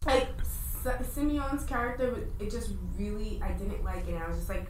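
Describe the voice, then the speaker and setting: A woman co-hosting a podcast, chatting casually and getting excitable as she complains. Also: medium pitch, moderate pace, hardly any pauses. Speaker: podcast co-host. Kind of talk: casual chat. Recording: echoey room, mic far off, crowd noise.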